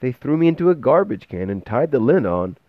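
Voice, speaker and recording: A man's voice: mid-range voice, big pitch swings, fairly quick, no echo, pitched above the performer's own voice, lightly acted. Timid little schoolboy, as a man puts him on. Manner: soft, hesitant and timid. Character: shy timid chubby young schoolboy. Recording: dull dry lo-fi sound.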